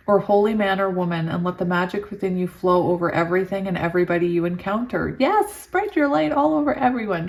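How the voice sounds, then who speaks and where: A woman tarot reader reading oracle card texts slowly and soothingly, breaking into giddy, laughing asides. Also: lowish voice. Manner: giddy and excitable, laughs often. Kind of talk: reading oracle cards aloud with chatty asides.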